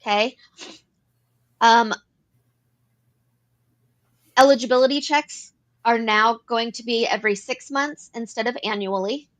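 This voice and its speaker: A woman's voice: on the high side, a little slow, long pauses, a bit bright. A woman co-hosting an advocacy talk show, explaining policy earnestly and repeating phrases as she works through points. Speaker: podcast co-host. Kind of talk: advocacy discussion.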